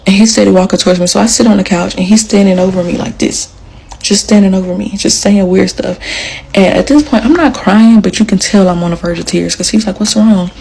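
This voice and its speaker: A woman's voice: mid-range voice, brisk, vocal fry, warm tone, a little hiss or hum, rough recording. A young adult woman casually telling a personal story, chatty and leaning on "like" as she acts out what people said. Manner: chatty, leans on "like", acts out quotes. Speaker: storyteller sharing a personal account.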